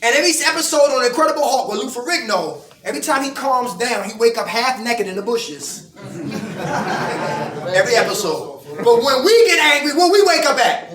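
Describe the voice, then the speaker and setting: A man's voice: very high voice, sing-song, normal speed, fairly bright tone. A middle-aged man giving a preaching-style recovery talk, firing call-and-response questions at his audience. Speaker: recovery group speaker. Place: indoor meeting room with an audience. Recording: echoey room, voice from far off.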